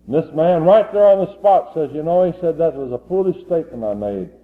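A man's voice: fairly high pitch, animated, a little fast, few pauses. A man, an evangelist preaching a sermon and telling a story, pressing hard and building to fervent pleas. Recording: tinny phone-like old recording.

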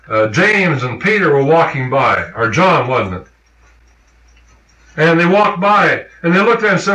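Male preacher, slightly high, emphatic sermon delivery, echoey church sound. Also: big pitch swings, measured pace, long pauses, pushed and bright. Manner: emphatic, questioning the congregation.

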